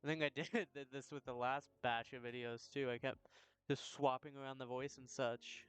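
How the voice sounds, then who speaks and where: A man's voice: medium pitch, fairly even intonation, normal speed, fairly bright tone, clean tone. A man hosting a gameplay video, chatting in a laid-back way and often correcting himself as he plays. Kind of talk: casual game commentary.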